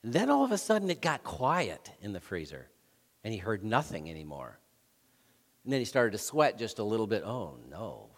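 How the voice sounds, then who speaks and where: Pastor preaching in a reverberant hall. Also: male voice, lowish voice, fairly quick. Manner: lively storytelling with swings between loud and hushed. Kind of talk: sermon.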